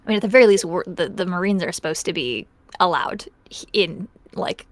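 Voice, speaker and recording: A woman playing a tabletop role-playing game, chatting quickly about her character's ideas. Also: lowish voice, no room sound. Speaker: player. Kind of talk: casual tabletop play.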